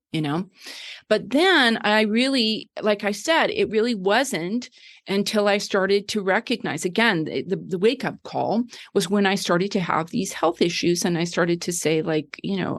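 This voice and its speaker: A woman's voice: medium pitch, normal speed. A middle-aged woman guest, a wellness coach, explaining ideas in a conversational way, full of fillers and "right?" tags.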